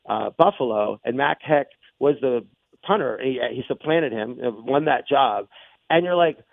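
A man hosting sports radio talk, excitable and rambling as he makes his points. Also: medium pitch, vocal fry, no room sound. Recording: tinny phone-like broadcast audio.

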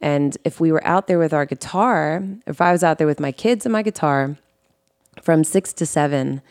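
A woman with a low, deep-set voice tells her own story on a podcast, earnest and emotional, catching and restarting her sentences. The sound is close and dry, with no room around it. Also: darkish tone, no echo. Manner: earnest and emotional, with quick self-corrections and restarts. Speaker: guest host telling her life story. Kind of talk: candid personal storytelling on a podcast.

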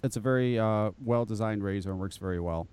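A man's voice: fairly low pitch, a little fast, a little mellow, clean tone. A man hosting a live online show, chatting casually, laughing often and swearing freely. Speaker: podcast host.

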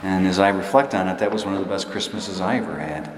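A very deep-voiced man preaching a sermon in a large, echoing hall, with a long tail of reverb and audible room noise behind him. He tells stories in a loose, conversational way, restarting sentences and poking fun at himself. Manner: conversational, halting, self-deprecating storyteller. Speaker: pastor. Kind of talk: sermon with personal story. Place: church hall before a laughing congregation.

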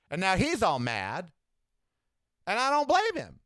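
A man hosting a solo podcast, giving sassy, animated political commentary with campy asides. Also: high-pitched, a little slow, dry recording. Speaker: podcast host.

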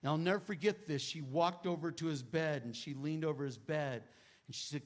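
A middle-aged male pastor preaching a testimony, moving between hushed quoted prayers and loud exclamations. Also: a little high, fairly quick. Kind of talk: sermon testimony.

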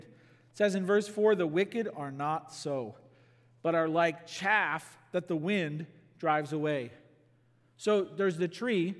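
A man with a high voice preaches a sermon in a church sanctuary. He teaches through the text, rising into emphatic bursts and slowing to stress key words. His voice carries a long echo through the hall. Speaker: pastor.

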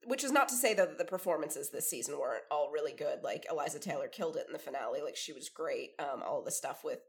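A woman with a fairly low voice co-hosts a casual podcast. She talks in a chatty, wry way, rambling and restarting her sentences. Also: animated, fast talker. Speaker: podcast co-host. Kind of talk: casual chat.

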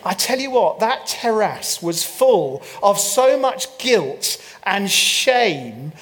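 A man's voice: sits high, sing-song, slow, a bit bright. A man preaching a sermon, telling a story with playful humor and mock French asides. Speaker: pastor. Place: church.

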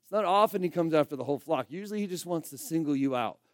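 Male pastor, high voice, emphatic conversational sermon, dry close sound. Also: lively intonation, fast talker, dry recording. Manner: emphatic, conversational preaching with swings from loud to quiet.

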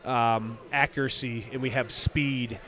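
A man's voice: mid-range voice, fairly even intonation, unhurried, bright, forceful tone. A man who coaches skiing, talking practically and encouragingly in an outdoor interview. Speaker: ski coach and exam selector.

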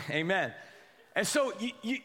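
A man with a high voice delivers a relaxed, conversational sermon full of jokes and quick asides. He keeps turning to the congregation for a nod of agreement. His voice carries a long reverb from the church hall. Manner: animated, joking, keeps asking the crowd "right?" and "amen?". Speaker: pastor.

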